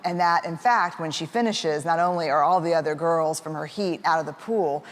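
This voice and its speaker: A woman's voice: sits low, normal speed. A woman telling a personal story about her family in a casual, chatty way, with lots of fillers and bits of laughter. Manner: acts out voices of family members in quotes. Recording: echoey hall with faint background noise.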